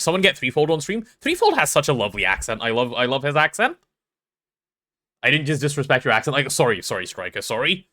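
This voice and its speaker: A young English man casually chatting on a gameplay livestream, reading chat aloud and joking, quick to apologize. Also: mid-range voice, big pitch swings, pushed and bright. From England.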